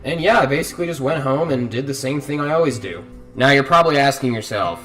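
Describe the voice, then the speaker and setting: A man's voice: mid-range voice, expressive, quick pace, few pauses, a bit bright, distant mic, soft background music. A young man narrating a storytime vlog in a profane, exasperated, dramatic way. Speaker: vlogger telling a story.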